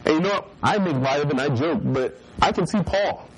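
A man's voice: a little high, expressive, brisk, slightly rough, rough recording. A man preaching a casual, joking sermon to a youth group, often mimicking people and laughing along with his listeners. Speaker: youth pastor.

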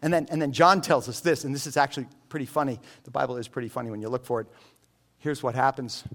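A man preaching a sermon in an animated, joking storytelling manner. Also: medium pitch, quick pace. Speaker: pastor.

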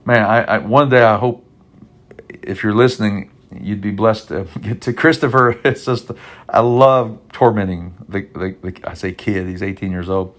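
A man's voice: fairly low pitch, normal speed, fairly bright tone. A man preaching a podcast sermon, heartfelt and rambling with many restarts, audibly emotional and near tears. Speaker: pastor.

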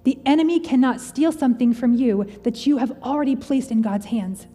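A woman's voice: sits high, fairly quick, dark tone, slightly rough, soft background music. A woman in her thirties preaching a sermon in a conversational, earnest and personal way, as a pastor speaking to her congregation. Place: church auditorium. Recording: large hall with long reverb.

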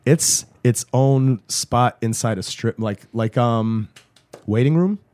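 A man with a voice hoarse from a cold, chatting casually as a podcast co-host and rambling through a story with lots of fillers. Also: medium pitch, slow, darkish tone, no echo. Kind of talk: casual chat.

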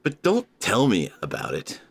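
A man hosting a casual comedic podcast, talking to listeners in an animated, playful way with drawn-out emphasis. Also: fairly low pitch, creaky, no room sound. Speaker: podcast host.

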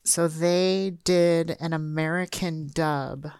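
This is a woman with a low voice, recorded close and dry, chatting casually on a film podcast. She laughs often and acts out voices when she quotes people. Her tone stays loose and conversational. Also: steady tone, slow pace, darkish tone, smooth, no room sound.

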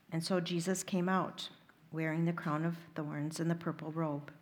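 A woman reading a Gospel passage aloud in a liturgy, steady and deliberate. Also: on the low side. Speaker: reader.

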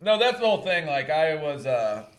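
A man's voice: fairly high pitch, big pitch swings, normal speed. Man, casual podcast talk, blunt, profane, laughs a lot. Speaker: podcast co-host. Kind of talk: casual chat.

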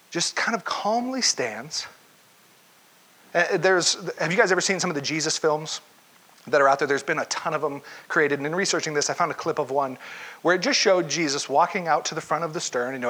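A man preaching a sermon as pastor, telling a story with animated energy and putting questions straight to his congregation. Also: fairly high pitch.

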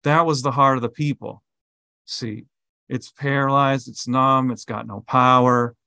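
A man's voice: medium pitch, steady tone, unhurried, gravelly, sharp tone, no room sound, studio quality. A man co-hosting a bible podcast, explaining scripture with vivid everyday analogies and lots of fillers. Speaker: podcast co-host. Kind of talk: bible study conversation.

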